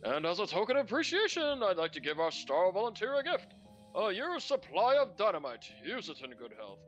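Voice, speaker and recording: A man's voice: high-pitched, sing-song, a little fast, fairly bright tone, lo-fi sound, faint music behind, voice pushed up. A man voicing a sinister, theatrical clown showman who calls himself a Duke of Hell, mocking and threatening. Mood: showy.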